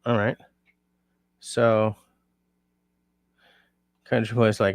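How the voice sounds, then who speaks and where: A man's voice: mid-range voice, level tone, measured pace, gravelly, pauses often, dry recording. A tired man hosting a casual livestream, rambling and reading out comments from his chat. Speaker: livestream host.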